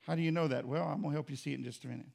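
A man preaching a sermon as pastor, emphatic and repetitive in cadence, swinging between loud and quiet. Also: fairly high pitch, steady tone, very fast, creaky. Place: church.

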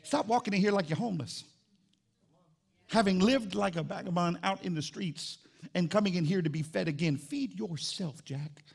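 A man preaching a sermon in a church, his voice pitched high and roughened by a gravelly fry. He swings between quiet, muttered asides and loud, rousing exhortation, leaning into the crowd one moment and confiding the next. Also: normal speed. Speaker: pastor.

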